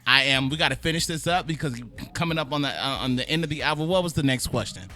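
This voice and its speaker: A podcast host with a slightly high voice talks fast in a sharp tone, ranting in fired-up, repetitive bursts with a Southern Atlanta accent. When frustrated he drawls and curses, keeping the chat heated but casual.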